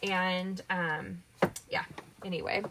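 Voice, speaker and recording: A woman's voice: on the low side, flat delivery, slow pace, bright, forceful tone, a little hiss or hum. A middle-aged woman hosts a live card-making class in a bubbly, rambling way. She chats to viewers, gasps and exclaims over her supplies, and talks through each step. Under the chatter she sounds a little tired. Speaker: card-making livestream host. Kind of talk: chatty live crafting tutorial.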